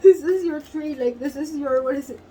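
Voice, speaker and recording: A woman giving a tarot reading to camera, emotional and earnest, often laughing softly and near tears as she repeats phrases. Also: high-pitched, moderate pace, slight background noise, low-quality recording. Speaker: tarot reader.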